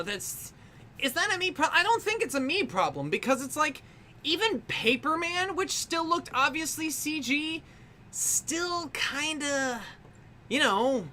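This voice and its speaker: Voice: mid-range voice, pushed and bright, slight background noise. A livestreaming artist chatting casually while drawing, rambling and laughing, with frequent swearing and restarts. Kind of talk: casual rambling stream chat.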